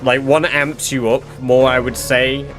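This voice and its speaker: Chatty man with a bright voice. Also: medium pitch, little pitch movement, a little slow, faint music behind. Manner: chatty, swearing, filler-heavy. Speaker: streamer. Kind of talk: casual storytelling to a live stream.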